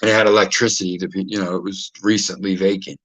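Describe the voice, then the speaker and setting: A man's voice: low voice, little pitch movement, quick pace, fairly bright tone, no room sound, rough recording. A man, a podcast host telling casual stories full of swearing and acting out other people's lines. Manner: profane, acts out quoted voices. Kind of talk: casual storytelling.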